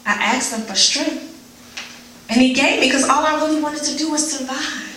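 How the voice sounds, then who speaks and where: A woman giving an emotional, dramatic spoken word performance at a live event, moving between hushed and pleading delivery. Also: high voice, normal speed. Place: live event before an audience. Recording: very echoey room, mic far off, faint noise.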